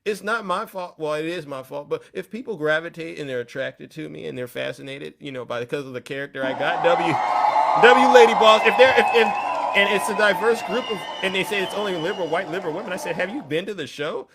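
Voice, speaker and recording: A young man hosting a livestream, talking in a boastful, animated way and sometimes shouting. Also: fairly high pitch, fast talker, vocal fry, slight background noise. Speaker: livestream host. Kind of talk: livestream talk.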